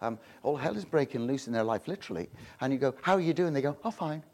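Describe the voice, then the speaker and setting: A man preaching a sermon in a lively, conversational way, often repeating himself and laughing as he talks. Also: mid-range voice, fast. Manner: animated, conversational preaching with frequent repetitions and laughs. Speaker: pastor.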